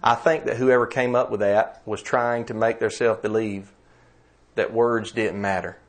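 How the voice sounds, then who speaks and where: A man's voice: lowish voice, fairly even intonation. Earnest male preacher delivering a sermon. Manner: earnest, emphatic, slows down on scripture.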